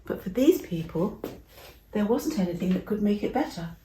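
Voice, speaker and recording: A middle-aged woman from England telling a Bible story to children in a chatty, expressive way, acting out the voices. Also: medium pitch, normal speed, reverberant.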